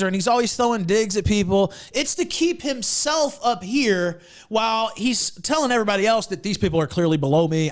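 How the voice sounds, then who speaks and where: High-voiced man hosting a chat. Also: lively intonation, brisk, few pauses. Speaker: host. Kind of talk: casual chat.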